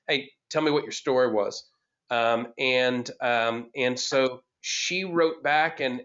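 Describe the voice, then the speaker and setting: A man's voice: medium pitch, fairly bright tone, lo-fi sound. A middle-aged man teaching a poetry class over a video call, thinking aloud with many fillers and restarts. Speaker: course instructor. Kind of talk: online class lecture.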